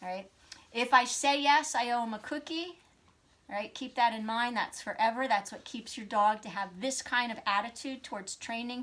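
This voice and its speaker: A woman dog trainer demonstrating, mixing quick commands to her dog with upbeat explanation. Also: a little high, a bit bright.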